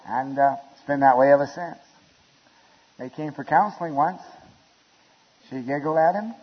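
A man preaching a sermon in a church, telling wedding stories with chuckles and building to shouted appeals. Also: a little high, moderate pace, husky. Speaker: pastor. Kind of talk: storytelling sermon. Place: church sanctuary. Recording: lo-fi recording with long hall reverb.

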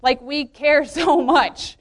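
A woman's voice: high-pitched, slow. A woman in her late twenties giving a casual, earnest testimony talk, chatty, filling her speech with "like" and laughing often. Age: 20s. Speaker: youth leader speaking at a women's meeting.

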